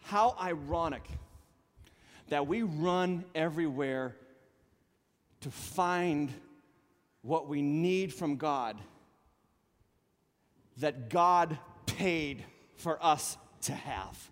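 A middle-aged male pastor preaching a sermon in an animated, joking way, with sarcastic asides. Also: fairly high pitch, drawn-out words, long pauses, in a large hall. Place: church sanctuary.

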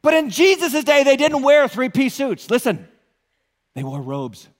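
Male lead pastor, high voice, animated and playful, church hall reverb. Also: unhurried. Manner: animated, joking, asks the crowd questions. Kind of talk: sermon.

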